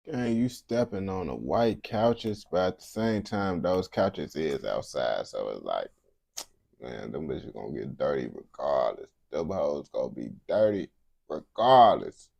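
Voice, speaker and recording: A man's voice: rumbling low, sing-song, unhurried, vocal fry, darkish tone, no echo. A man streaming casual reaction commentary, blunt and heavy on slang.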